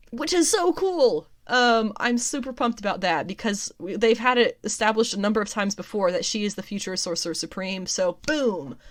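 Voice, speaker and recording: A young woman hosting a casual comics news podcast, excitable and rambling, with many ums and restarts. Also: medium pitch, no echo, clean studio sound. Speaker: podcast host.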